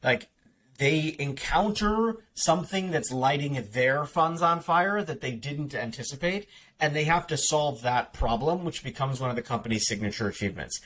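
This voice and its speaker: A man's voice: on the high side, expressive, normal speed, a bit bright, slightly rough. A man talking as an author guest in a podcast interview, explaining at length with many restarts and filler words.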